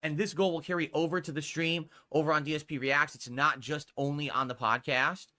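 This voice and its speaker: Guy streaming, rambles and begs chat for tips, kinda high sharp voice. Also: steady tone, fairly quick. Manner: rambling, hedging, pleading for support. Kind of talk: talking to stream viewers.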